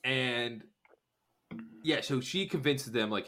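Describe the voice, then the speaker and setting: A man co-hosting a podcast, talking in a loose, rambling way at an ordinary middle pitch. He keeps slipping into quick acted-out lines from the characters he describes. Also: expressive, fairly bright tone. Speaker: podcast co-host. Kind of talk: casual chat recapping a TV episode.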